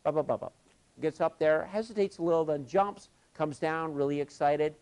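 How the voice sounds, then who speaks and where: A man leading a live workshop session, telling stories with lively energy and acting out both sides of conversations. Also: fairly high pitch, moderate pace, clear, resonant tone. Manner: animated, acts out both sides of dialogues. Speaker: workshop facilitator.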